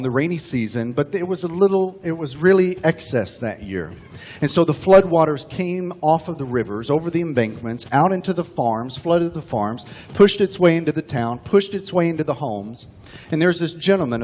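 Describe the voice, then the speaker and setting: A man from Texas preaching a sermon as pastor, with animated, emphatic storytelling. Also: mid-range voice. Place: church sanctuary. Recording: dull recording with long church reverb.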